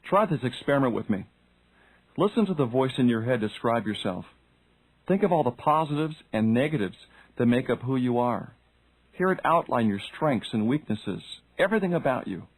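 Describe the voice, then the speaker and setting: A man's voice: mid-range voice, expressive, normal speed, slightly rough, low-quality recording. A man reading a self-help audiobook, speaking directly to the listener and asking questions. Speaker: audiobook narrator. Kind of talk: scripted self-help narration.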